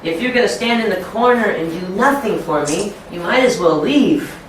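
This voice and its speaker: A man giving an ESL teacher-training session, speaking deliberately in simple phrases for learners. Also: high voice, lively intonation. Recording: echoey room from far off, faint noise.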